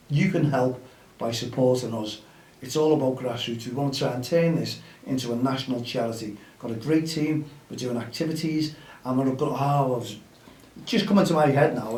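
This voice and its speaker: A man's voice: medium pitch, a little mellow, echoey room, far from the mic, poor audio. A man hosting a grassroots football show, talking casually and upbeat while rallying his listeners. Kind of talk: casual outdoor podcast chat.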